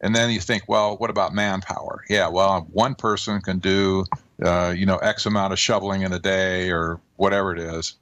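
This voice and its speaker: A man's voice: low voice, fairly even intonation, a bit bright, dry recording. Older man, emphatic folksy guest. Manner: measured, emphatic, folksy turns of phrase. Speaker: guest author and researcher. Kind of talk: radio interview.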